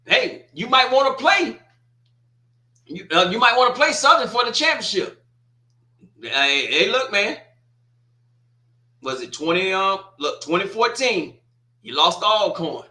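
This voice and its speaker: A man's voice: high voice, bright, forceful tone, echoey room. A man hosting a casual sports talk stream, teasing and trash-talking a team and repeating his points. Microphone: streaming setup.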